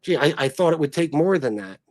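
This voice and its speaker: A middle-aged man from North Carolina, ranting angrily and swearing on his livestream, loud one moment and muttering the next. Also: animated, brisk, no echo. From North Carolina, USA. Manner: angry, sweary, swings between loud outbursts and low mutters. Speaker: livestream host. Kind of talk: profane ranting livestream talk.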